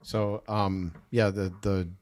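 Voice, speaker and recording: Man from Wisconsin, podcast host, low voice, hesitant and musing, dry close mic. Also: little pitch movement, takes it slowly, darkish tone, no echo. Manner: musing, hesitant, with many restarts. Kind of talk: conversational podcast interview.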